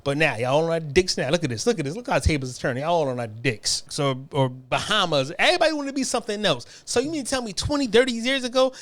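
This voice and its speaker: High-voiced man on a heated rant. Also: lively intonation, fast, few pauses, a bit bright. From United States. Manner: rambling, repetitive, heated, frequent stammered restarts. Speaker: commentary channel host. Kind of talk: casual profane rant.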